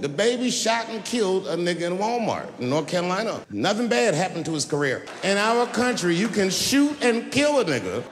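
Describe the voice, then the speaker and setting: A man doing stand-up, emphatic and rising in pitch on his punchlines, recorded in a large reverberant venue. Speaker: stand-up comedian. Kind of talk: stand-up routine.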